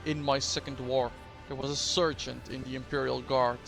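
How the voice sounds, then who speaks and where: A man's voice: mid-range voice, flat delivery, moderate pace, gravelly, music in the background, natural voice. A man voicing a stern veteran soldier who counsels his captain in a game. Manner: stern, solemn. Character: grim stern male veteran soldier adviser.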